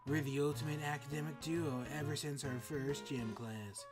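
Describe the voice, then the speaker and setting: A woman's voice: low voice, steady tone, normal speed, music in the background, close to an everyday voice. A woman voicing a casual, chatty female classmate telling a story breezily. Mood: breezy.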